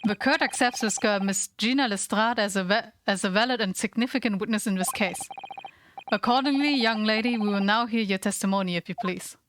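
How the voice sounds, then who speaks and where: A woman's voice: medium pitch, fairly quick, noisy background, natural voice. A woman voicing a stern older male judge who speaks in formal, commanding court language over game music.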